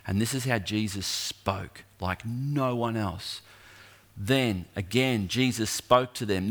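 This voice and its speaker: A middle-aged man delivers a sermon in a fairly low voice. He tells the story slowly, then builds in intensity, leaning on long pauses for weight. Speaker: preacher.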